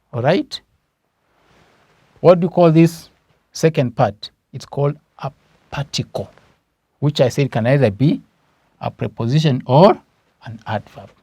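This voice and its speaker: Kenyan English male teacher, slow and deliberate, dry close sound. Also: mid-range voice, a little mellow, husky, dry recording. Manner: slow, emphatic, asks questions then answers them. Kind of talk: classroom grammar lesson.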